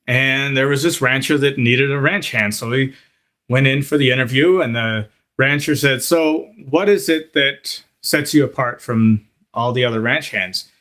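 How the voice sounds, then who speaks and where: A man's voice: mid-range voice, fairly bright tone. A man teaching a live lesson to kitchen workers, talking straight to them and telling stories with asides like "okay?" and "you know". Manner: storytelling, direct address with frequent "okay?" and "you know". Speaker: culinary instructor.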